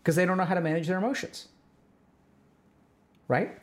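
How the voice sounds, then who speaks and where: A man's voice: high voice, moderate pace. A man explaining relationship advice in a casual, conversational way, full of "like" and "right?" check-ins. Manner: breaks into role-played example dialogue. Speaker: podcast host giving relationship advice.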